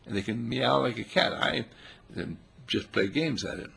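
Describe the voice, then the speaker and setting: A man giving a playful, animated spiritual talk, now and then putting on animal voices. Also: mid-range voice, normal speed. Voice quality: gravelly, husky.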